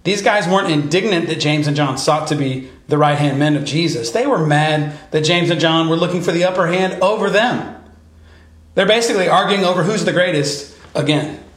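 A man preaching a conversational sermon as pastor, sometimes dropping to soft, earnest tones. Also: fairly high pitch, normal speed, echoey room.

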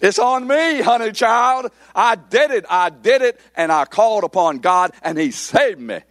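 A man's voice: expressive, unhurried, fairly bright tone, no echo, studio quality. A man doing a smug self-praising believer. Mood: mocking, boastful. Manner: high mocking sing-song.

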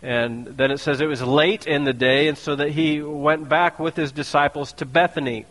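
A man preaching a sermon in a joking, conversational way, full of quick asides. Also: a little high, steady tone, a bit bright. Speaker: pastor. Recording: long hall reverb.

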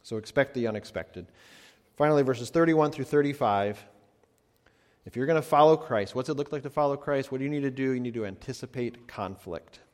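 A man, a pastor, preaching a sermon, swinging between emphatic lines and hushed ones. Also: medium pitch, a little fast. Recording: long hall reverb.

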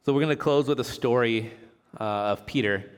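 A man's voice: mid-range voice, normal speed, smooth. A man giving a casual, chatty sermon, reading scripture aloud and joking with a laugh as he teaches. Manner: relaxed, chatty, jokes and laughs while teaching. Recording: long hall reverb.

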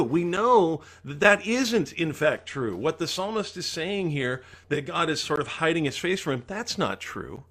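A man's voice: medium pitch, animated, measured pace, a bit bright. A man preaching a sermon as pastor, earnestly acting out the psalmist's pleas.

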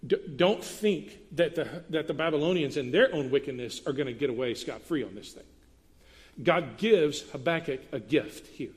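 A man preaching a sermon as pastor, reading scripture and explaining it in a lively, conversational way with bursts of emphasis. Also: on the high side. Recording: long reverb of a large hall.

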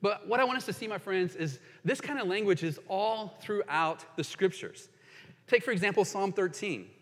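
A man's voice: high voice, expressive, normal speed, a bit bright, in a large hall. A man preaching a sermon as a pastor, earnest and reading scripture aloud with emphasis.

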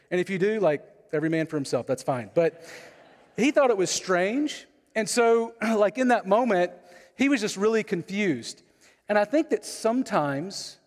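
Guy preaching a sermon, chatty, keeps asking the crowd "right?", big echoey church. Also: on the high side. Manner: conversational, asks the congregation questions. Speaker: pastor. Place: church sanctuary. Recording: long hall reverb.

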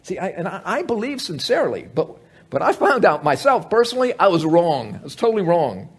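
A man with a high, husky voice preaches a conversational sermon, his pitch leaping around animatedly. He restarts sentences often and throws in humorous asides to the gathering. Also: sing-song, brisk. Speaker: pastor.

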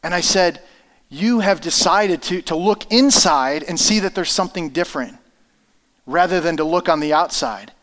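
A man's voice: a little high, expressive, moderate pace, fairly bright tone. A man in his thirties preaching a sermon, telling a personal family story in an earnest, conversational way. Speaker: pastor.

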